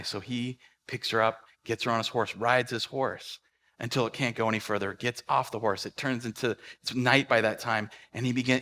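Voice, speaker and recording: Bright-voiced male pastor, chatty sermon. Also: mid-range voice. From Pacific Northwest of the US. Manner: conversational storytelling with fillers and restarts.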